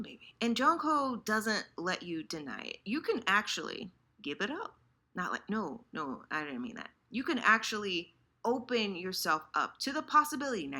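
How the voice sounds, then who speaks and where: A woman talking to her viewers in a loose, chatty way, and she keeps slipping into the inner voices she imagines they have. Her pitch leaps all over, and her tone is bright and clear. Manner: animated, acts out inner voices, lots of restarts. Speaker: host. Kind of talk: casual chat about fandom.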